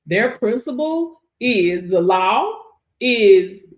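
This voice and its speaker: A woman's voice: fairly high pitch, big pitch swings, normal speed. A woman hosting a motivational livestream, talking to viewers in a preachy way and laughing often. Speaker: livestream host.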